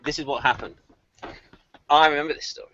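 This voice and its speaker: A man hosting a casual group video-call chat, animated and quick to laugh, who likes trying out accents. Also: fairly high pitch, dull audio, slight background noise. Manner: animated, laughs often, tries accents for fun. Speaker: channel host.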